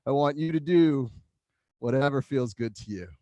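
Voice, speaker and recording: A man leading an online tai chi class, giving calm movement cues with playful whoops. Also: medium pitch, normal speed, no room sound. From Philadelphia area.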